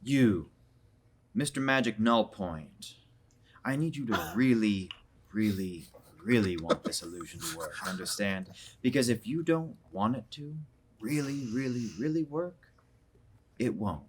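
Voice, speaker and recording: A man's voice: on the low side, animated, unhurried, slight background noise. An actor playing a grand, theatrical male mage in a script reading. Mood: grandiose. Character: scheming showy male mage, grandly formal.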